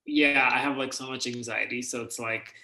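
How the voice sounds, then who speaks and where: A man from India chats as an interview guest, spinning animated, self-deprecating stories. His voice is bright and forward, and it rings a little in an echoey room. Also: mid-range voice, moderate pace, creaky. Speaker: actor guest. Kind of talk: casual interview chat.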